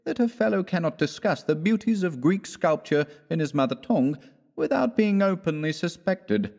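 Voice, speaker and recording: Guy doing a cheeky young art student, voice pushed up high, fake outraged, audiobook. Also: expressive, moderate pace, gravelly, a little mellow. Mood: mock-outraged. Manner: mock-indignant banter.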